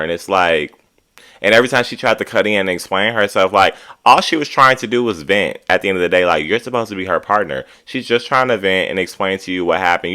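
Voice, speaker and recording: A man hosting a casual reality TV recap, talking in an animated, sassy, opinionated way. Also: low-pitched. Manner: animated, sassy, drawn-out commentary.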